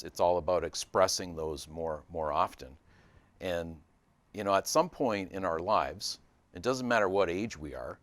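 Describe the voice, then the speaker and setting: A deep-voiced man talks casually to a small audience about spiritual ideas. He rambles, often restarts his sentences and leans on fillers, speaking to the room as a therapist leading a discussion. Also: no echo. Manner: rambling, many restarts and fillers, animated when telling a joke. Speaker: psychotherapist giving a talk.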